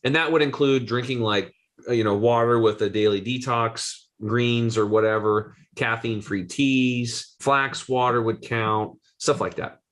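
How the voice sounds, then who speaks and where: Energetic man in his forties. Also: mid-range voice, unhurried. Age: 40s. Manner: energetic, excitable, slangy. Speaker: guest health coach. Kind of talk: animated storytelling.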